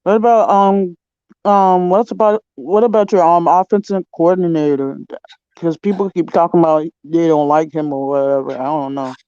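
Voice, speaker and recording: A man's voice: fairly high pitch, fairly even intonation, moderate pace, a little mellow, smooth, dry recording. A man in a casual chat, hesitant and full of fillers. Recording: dull lo-fi dry sound.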